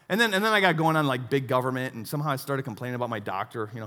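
A man in his thirties preaching a sermon, telling stories with self-mocking asides and a lively delivery. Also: mid-range voice, very fast, hardly any pauses, in a large hall. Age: 30s. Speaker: pastor.

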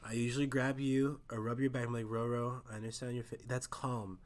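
A young man co-hosting a podcast, talking loudly and passionately with lots of emphasis in a casual couple chat. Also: medium pitch, level tone, fairly quick, crowd noise. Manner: loud and passionate, argues with emphasis. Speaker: podcast co-host.

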